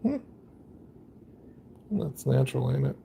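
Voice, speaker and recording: A man's voice: medium pitch, lively intonation, takes it slowly, gravelly, warm tone, a little hiss or hum. A man casually narrating his game during a live stream, rambling and chatty with lots of fillers.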